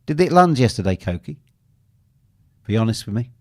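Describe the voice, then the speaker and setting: A man's voice: fairly low pitch, big pitch swings, normal speed, pauses often, no room sound, studio quality. A man hosting a live football betting show, commenting on a match and teasing his co-host while reading viewer comments aloud.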